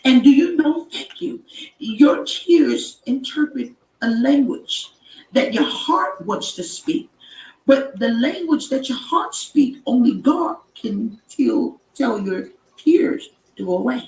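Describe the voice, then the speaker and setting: A woman preaching encouragement on a live stream in a high voice, hammering points home with repetition and sudden shouted lines. She sounds a little away from the mic in an echoey room. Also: animated, slow pace, recorded from a distance, faint music behind. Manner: emphatic, repeating, rising to shouts. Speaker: inspirational live-stream host. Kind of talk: preaching-style motivational talk.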